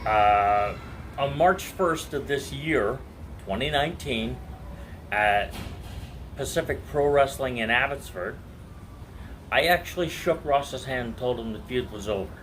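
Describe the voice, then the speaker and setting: A man's voice: medium pitch, expressive, measured pace, fairly bright tone, slight background noise, rough recording. A man being interviewed, talking hesitantly and stumbling over his words. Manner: hesitant, repeats himself. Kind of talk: casual interview talk.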